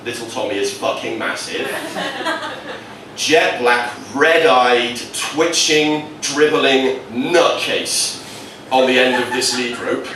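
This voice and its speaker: Comic rambling on stage, real echoey room, mic far off. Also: male voice, medium pitch, slow, sharp tone. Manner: rambling, absurd, storytelling. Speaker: stand-up comedian. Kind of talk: stand-up comedy. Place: comedy venue. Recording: echoey venue from afar, noisy.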